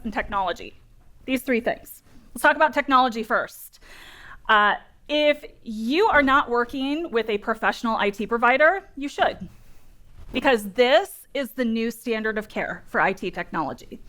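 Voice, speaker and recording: A woman's voice: a little high, fairly bright tone. A woman in her thirties giving a humorous, direct conference talk to an audience in a meeting room. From Northern California. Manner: humorous, self-deprecating, direct. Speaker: keynote speaker on dental data security.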